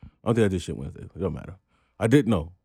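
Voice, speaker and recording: A man's voice: low-pitched, lively intonation, racing, gravelly, mellow, slightly rough, no room sound, clean studio sound. A man co-hosting a podcast, venting bluntly and profanely, his voice climbing when he gets angry. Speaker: podcast co-host. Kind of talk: casual podcast chat.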